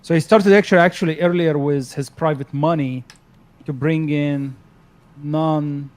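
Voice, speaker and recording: A man with a slightly high voice chats on a casual stream. He hesitates and fills gaps with fillers, often laughing at himself. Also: steady tone, a little slow. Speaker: panel guest.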